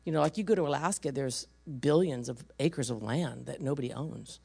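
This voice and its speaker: A woman preacher telling a story to her church, animated and emphatic, acting out the voices of the people in it. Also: a bass voice, brisk, gravelly, breathy edge. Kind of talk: sermon storytelling to a congregation.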